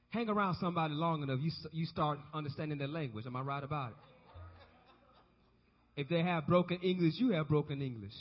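In a church sanctuary, a pastor with a fairly high voice preaches at normal speed, pausing often. He calls on the congregation to answer back and repeat after him. The recording sounds dull, with long hall reverb.

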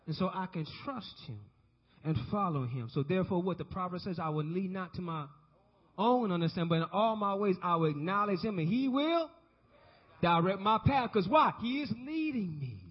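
Male pastor, high husky voice, call-and-response sermon, long church reverb. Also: animated, moderate pace. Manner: call-and-response preaching, asks congregation to repeat. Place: church sanctuary. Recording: dull recording with long hall reverb.

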